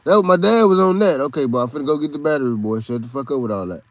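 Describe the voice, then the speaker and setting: A stern, fed-up father barking at his boy in a gruff, lowered voice, as a man with a Texan accent puts him on. The recording is dry and close. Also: animated, very fast, no room sound, natural voice. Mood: scolding. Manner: gruff, scolding.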